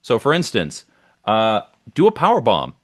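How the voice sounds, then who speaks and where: A deep-voiced man talks eagerly and at length, circling back with fillers as he goes. His voice is low and close, with no room around it. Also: wildly swooping pitch, moderate pace, dry recording. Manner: enthusiastic, rambling with many fillers. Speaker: podcast co-host. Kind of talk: casual chat.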